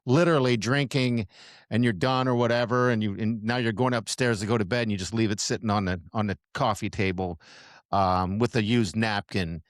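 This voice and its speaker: A man's voice: lowish voice, steady tone, fairly quick, dry recording, studio quality. A middle-aged man co-hosting a podcast, chatting casually, rambling with frequent restarts and laughs. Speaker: podcast co-host. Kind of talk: casual chat.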